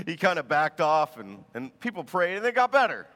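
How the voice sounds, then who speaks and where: High bright-voiced pastor preaching. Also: male voice, a little slow, big-room sound. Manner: animated storytelling with laughs. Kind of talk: sermon.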